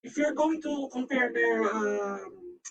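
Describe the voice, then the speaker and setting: A woman streamer speaks through a voice changer filter, her high voice drawn out slowly as she rambles and swears in excited live commentary. She slurs her words at times. The mic sits some distance away, with faint music playing underneath. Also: creaky. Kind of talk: live stream reaction chat.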